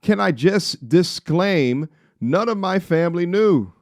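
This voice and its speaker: A man voicing a distraught, defensive young woman in a put-on Scottish accent, high and strained. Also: lively intonation, slow pace, a little mellow, dry recording, studio quality, heavily acted.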